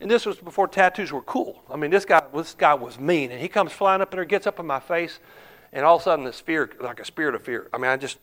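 A man preaching a sermon, telling a story, swinging from hushed murmurs to emphatic shouts. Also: a little high, animated, quick pace.

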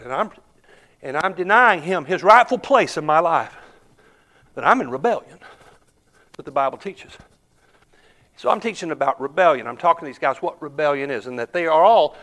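A man preaching a sermon, telling a story, swinging from hushed murmurs to emphatic shouts. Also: on the high side.

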